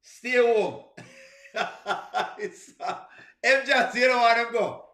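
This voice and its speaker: Jamaican man, high bright voice, laughing reaction host, roomy echo. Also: slow pace. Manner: laughs often, repeats phrases, drops into patois. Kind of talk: casual chat with live viewers.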